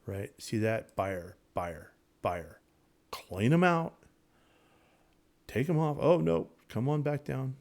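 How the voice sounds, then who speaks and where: A man teaching day trading over his charts in a casual, excitable way, repeating himself and talking straight to viewers. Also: fairly high pitch, slow, gravelly, long pauses. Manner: excitable, repetitive, talks to viewers directly. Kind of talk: casual screen-share trading lesson.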